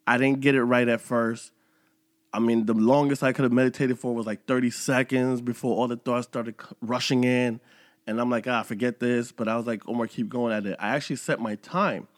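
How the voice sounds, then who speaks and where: A man's voice: mid-range voice, a little fast, no echo, clean studio sound. A man in his thirties hosting a motivational podcast, talking casually and acting out his own inner voice. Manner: animated, conversational, dramatizes his inner voice. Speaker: podcast host. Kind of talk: motivational monologue.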